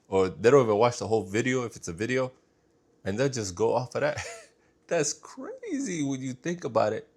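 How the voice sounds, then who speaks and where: A man hosting a reaction video, musing casually and often trailing off quietly, with repeated remarks of disbelief. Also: mid-range voice.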